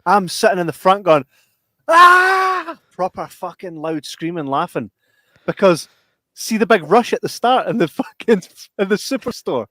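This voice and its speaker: A man's voice: high-pitched, moderate pace, no room sound. A Scottish man hosting a podcast, telling stories animatedly and swearing freely. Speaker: podcast host. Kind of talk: casual chat.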